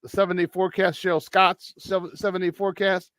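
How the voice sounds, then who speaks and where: A man co-hosting a casual sports talk show, animated and quick to laugh, talking with hype-man energy. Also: high-pitched, no echo. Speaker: sports radio co-host.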